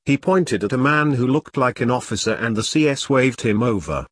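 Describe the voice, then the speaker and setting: A man narrates an audiobook in a steady, measured way. His voice sits at a middle pitch. The recording is dry and close, with no room sound. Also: slightly rough, no room sound.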